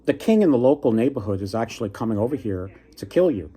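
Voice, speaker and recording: A sly male fox from a folktale, breezy and reassuring as he talks others into his schemes, voiced by a man. The voice is husky and sits at a middling pitch, as in a storybook read aloud. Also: animated, fast, dark tone. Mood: scheming, reassuring.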